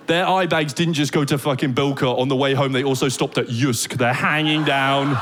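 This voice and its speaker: A stand-up comedian from Britain with a British accent, telling animated stories and laughing along. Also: male voice, medium pitch, background noise.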